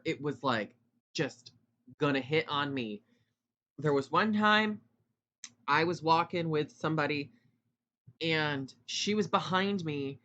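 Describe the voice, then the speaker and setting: A man in his twenties hosting a casual solo podcast, talking fast and loud with rambling asides. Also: a little high, highs cut off, slight background noise. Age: 20s. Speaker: podcast host.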